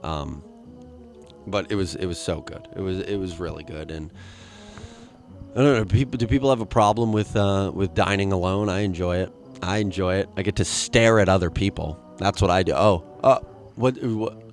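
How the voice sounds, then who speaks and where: Rambling low-voiced male comic host. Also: normal speed, soft background music. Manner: rambling, jokey, with crude asides; jumps into acted voices for quoted people. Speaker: podcast host. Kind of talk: solo comedic monologue.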